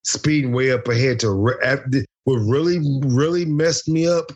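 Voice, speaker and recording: A man's voice: medium pitch, moderate pace, a little mellow, muffled recording. A middle-aged American man telling a wild story as an interview guest, boisterous and profane, acting out the dialogue. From United States. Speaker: interview guest, former fighter.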